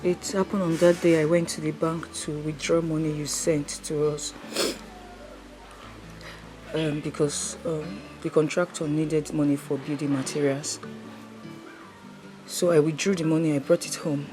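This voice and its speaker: A grieving woman telling what happened. Her voice sits low and she speaks with sorrowful pauses. A film score plays clearly behind her. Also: level tone, music in the background. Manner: sorrowful, halting recounting. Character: grieving young woman recounting a tragedy. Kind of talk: film drama acting.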